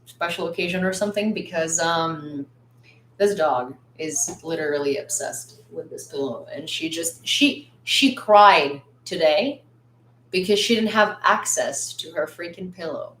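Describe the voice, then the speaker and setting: A woman's voice: sits low, a little slow, a bit bright, a little hiss or hum. A woman hosting a casual news livestream from a room at home, chatty with lots of fillers and blunt when she lectures. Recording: roomy echo.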